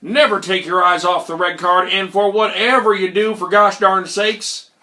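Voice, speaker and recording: A man's voice: high voice, steady tone, moderate pace, sharp tone. A man voicing an old male street card hustler who drawls folksy lines and calls the listener boy and son. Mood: sly, folksy.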